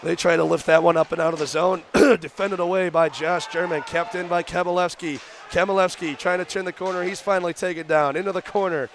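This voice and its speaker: A young man doing radio play-by-play for a college hockey game, rattling off rapid calls that rise into shouts on shots. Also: high-pitched, fairly even intonation, slight background noise. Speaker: play-by-play announcer. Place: arena broadcast booth.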